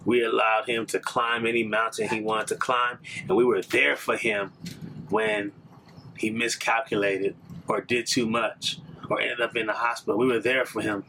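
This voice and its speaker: A man's voice: fairly low pitch, little pitch movement, moderate pace, pushed and bright, slight background noise. A young adult man from the United States earnestly telling a personal story, reflective, with fillers and restarts. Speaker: podcast storyteller. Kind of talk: personal testimony talk.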